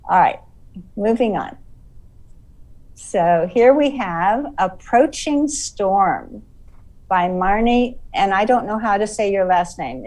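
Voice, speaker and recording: A woman's voice: mid-range voice, a little mellow. A woman hosting an online art award presentation over a video call, friendly and a little apologetic as she corrects herself. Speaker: exhibition host. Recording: distant mic on a video call.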